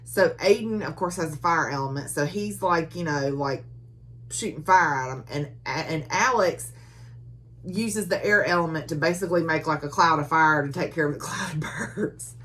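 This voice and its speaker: A woman's voice: sits low, normal speed, fairly bright tone, slight background noise. A woman giving a casual book recap, chatty and full of filler words, laughing often as she retells the story. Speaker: book reviewer.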